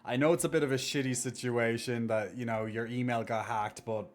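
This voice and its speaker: A man's voice: mid-range voice, fairly even intonation, brisk. Chatty male streamer reading chat. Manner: chatty and reassuring, thanks subscribers warmly. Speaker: live streamer. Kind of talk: casual chat reading viewer messages.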